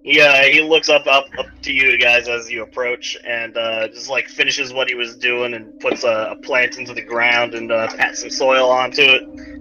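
A man's voice: medium pitch, flat delivery, normal speed, sharp tone. A man narrating as game master for a tabletop game, rambling with many fillers. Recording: dull lo-fi recording, faint music.

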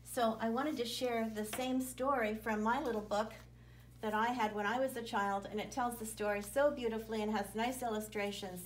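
Brief: woman, children's worship leader, gentle read-aloud storytelling, a bit high-pitched, casual fillers. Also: fairly even intonation, normal speed, poor audio.

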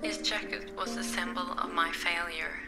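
Grieving game mother, low-pitched, hushed guilt-ridden narration, heavy background music. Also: steady tone, moderate pace, gravelly. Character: anxious mother hunting her kidnapped son. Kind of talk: video game voice acting. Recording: game audio with loud music.

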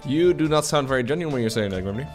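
A man's voice: mid-range voice, lively intonation, very fast, over loud music. A man hosting a casual game stream, chatting and teasing his friends in a laid-back way. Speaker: streamer host. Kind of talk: casual gaming chat with friends.

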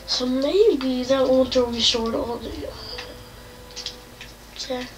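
A woman giving let's-play commentary, excitable and playful, often yelling and laughing. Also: sits high, takes it slowly, pauses often. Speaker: gamer. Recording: distant mic with game music behind.

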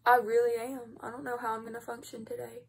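A teenage girl with a drawl talks to her camera at home, sounding worn out from too little sleep. Her voice sits a little high and a little husky, and she rambles along casually, tossing in quick apologies. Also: level tone. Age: teens. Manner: chatty, rambling, apologetic asides. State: sleep-deprived and tired. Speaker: vlogger. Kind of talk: casual vlog talk to camera.

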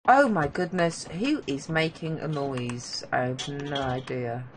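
A woman's voice: low-pitched, slow pace, slight background noise. A woman casually commenting on her gameplay, chatting to the zombies and teasing a teammate. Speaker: gamer.

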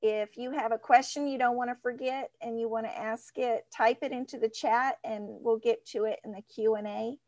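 A woman's voice: a little high, steady tone, moderate pace, few pauses, a little mellow, no room sound, lo-fi sound. A woman moderating an online class, welcoming everyone in a casual, light way with fillers.

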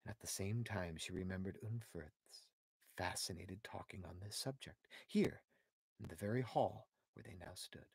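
A man reading a storybook aloud for young students in an expressive, deliberate way. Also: sits low, gravelly, slightly rough, no echo. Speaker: narrator.

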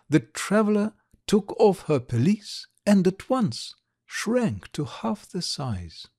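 A man reading a classic short story aloud slowly and clearly for English learners. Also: fairly high pitch, a little mellow, no echo, studio quality. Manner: slow, deliberate, clear reading. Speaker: narrator.

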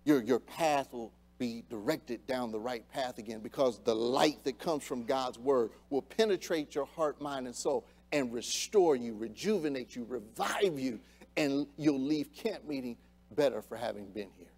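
A male pastor preaching a sermon in church, swinging between quiet reflection and loud, fired-up exhortation. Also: mid-range voice, unhurried. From United States. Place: church sanctuary.

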